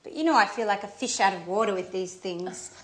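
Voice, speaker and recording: A woman's voice: mid-range voice, brisk, lightly acted. An actress playing an eager, flustered young woman in love in a scripted language-course drama. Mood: nervous.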